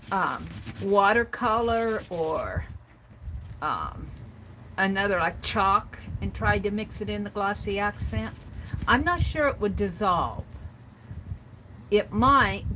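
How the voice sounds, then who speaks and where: A woman's voice: medium pitch, bright, forceful tone, low-quality recording. A woman casually demonstrating a mixed-media art experiment, thinking aloud as she works at a craft table. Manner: thinks aloud while working, chatty and tentative. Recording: audible background noise with clicks.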